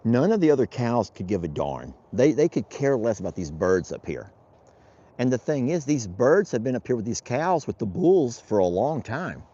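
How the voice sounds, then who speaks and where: A medium-pitched man with a dark, breathy-edged tone speaks at normal speed and very animatedly. As a rancher vlogging his outdoor chores, he chats with his animals and rambles in folksy fashion. The recording is dull and lo-fi, made outdoors.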